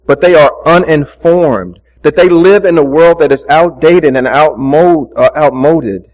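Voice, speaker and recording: Male pastor preaching, kinda higher voice, chatty asides, dull lo-fi sound. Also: a little slow, darkish tone, big-room sound. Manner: earnest storytelling preacher, conversational asides. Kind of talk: sermon.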